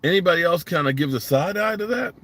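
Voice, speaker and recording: A man's voice: sits high, lively intonation, fast talker, sharp tone. A man hosting a sports podcast live stream from a parked driveway, talking bluntly and rambling while reading comments from his chat.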